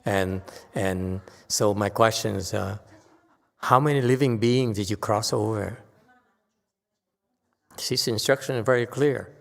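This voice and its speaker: A man giving a Buddhist lecture, pressing his listeners with pointed rhetorical questions and jumping up in pitch to stress a point. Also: measured pace, gravelly, long pauses, big-room sound. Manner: sudden rises in pitch and force when stressing a point. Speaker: Buddhist teacher. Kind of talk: Dharma lecture.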